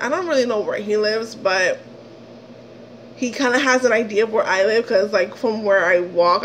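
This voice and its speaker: A woman's voice: mid-range voice, a little hiss or hum, poor audio. A young woman from the Dominican Republic telling a storytime vlog as a heated rant, swearing and quoting others. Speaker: vlogger.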